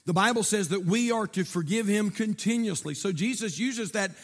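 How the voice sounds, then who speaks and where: Male pastor, high-pitched, fiery sermon delivery. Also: normal speed. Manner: preaching with rising shouts and call-outs to the church.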